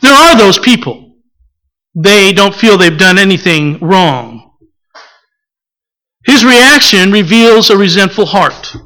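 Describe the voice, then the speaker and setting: Lively, bright-voiced preacher. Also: medium pitch, low-quality recording. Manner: acts out scripture quotes, asks the listeners questions. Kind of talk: sermon.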